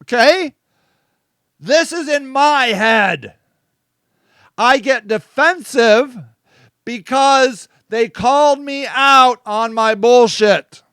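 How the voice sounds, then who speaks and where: Blunt, swearing man, high voice. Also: drawn-out words, long pauses, a bit bright, clear, resonant tone, no echo, studio quality. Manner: blunt, swears, repeats "okay?". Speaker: host. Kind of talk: casual live-stream monologue.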